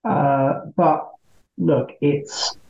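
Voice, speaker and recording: A male member of parliament answering interview questions in a measured, argumentative way, often checking in with "right?". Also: on the high side, fairly even intonation, creaky, a little mellow, roomy sound, highs cut off.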